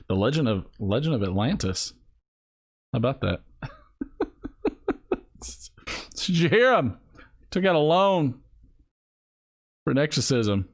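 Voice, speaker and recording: A man's voice: mid-range voice, sing-song, slow pace, pauses often. A man hosting a live stream, chatting casually and rambling, laughing often and talking to his viewers. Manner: rambling, giggly, talks to chat. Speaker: host.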